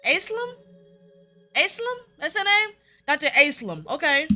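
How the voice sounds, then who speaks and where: A woman's voice: high-pitched, big pitch swings, a little slow, sharp tone, faint music behind. A young woman playing a visual novel with commentary, playful and teasing, laughing often and throwing in slangy asides. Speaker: gaming content creator.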